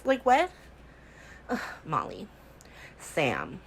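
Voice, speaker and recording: A woman's voice: on the high side, huge pitch swings, slow pace, pauses often, a bit bright, breathy edge, poor audio. A woman hosting a casual soap opera recap from home, talking in a sassy, exasperated way full of rhetorical questions.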